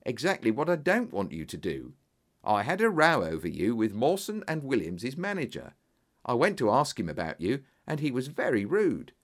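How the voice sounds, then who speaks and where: A man voicing an eager, effusive businessman in an audiobook, exclamatory and flattering. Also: mid-range voice, moderate pace. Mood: persuasive. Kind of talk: audiobook character voice.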